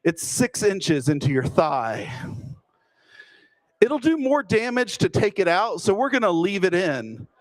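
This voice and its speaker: A man voicing a calm, matter-of-fact hospital doctor who speaks in a measured way. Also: high-pitched, no room sound.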